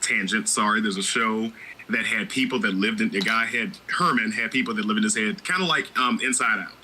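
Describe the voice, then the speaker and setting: Bright-toned, candid male podcast host. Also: fairly low pitch, fairly quick, a little hiss or hum, poor audio. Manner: candid, opinionated, with frequent restarts. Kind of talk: casual podcast chat.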